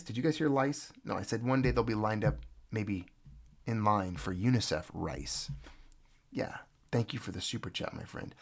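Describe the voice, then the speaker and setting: A man hosts a loose, off-the-cuff livestream and rambles from one thought to the next. He sounds sarcastic and brushes off other people's worries with mock disbelief. His voice sits at an ordinary middle pitch. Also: creaky. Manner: sarcastic, rambling, mocking panic. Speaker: livestream host. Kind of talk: casual livestream commentary.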